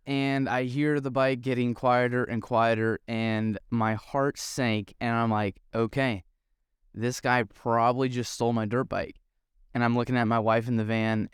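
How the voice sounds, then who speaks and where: A man's voice: mid-range voice, clear, resonant tone, dry recording, studio quality. A young man hosting a podcast, telling a story in a chatty, self-deprecating way with lots of ums. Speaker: podcast host. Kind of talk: casual storytelling monologue.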